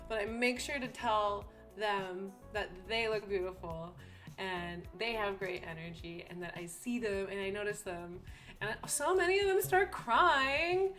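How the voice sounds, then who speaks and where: A young woman chatting casually on a live stream, giggly and animated, acting out other people's voices as she tells stories. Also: mid-range voice, unhurried, faint music behind.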